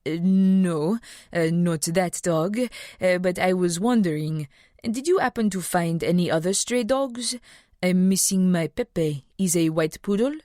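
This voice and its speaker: A woman's voice: on the low side, dark tone, no echo, studio quality, natural voice. A woman doing a hesitant accented woman. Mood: worried, hesitant. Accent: European. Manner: hesitant, full of uh pauses. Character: anxious woman with a foreign accent.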